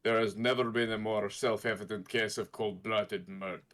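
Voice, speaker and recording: A man reading the lines of a cold, haughty male aristocratic prosecutor in a formal, measured courtroom manner. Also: on the low side, little pitch movement, fairly bright tone, close to an everyday voice.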